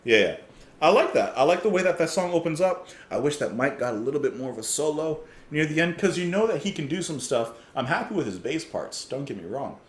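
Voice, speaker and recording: A man's voice: fairly high pitch, big pitch swings, a little fast, reverberant. A man hosting a casual music reaction, talking enthusiastically, often chuckling and thinking aloud with fillers.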